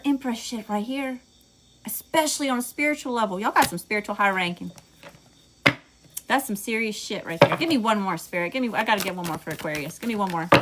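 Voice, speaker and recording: A woman's voice: mid-range voice, heavy background noise. Chatty Southern woman reading tarot. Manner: chatty, swears freely, says y'all a lot, laughs at herself. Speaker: tarot reader. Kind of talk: casual livestream tarot reading.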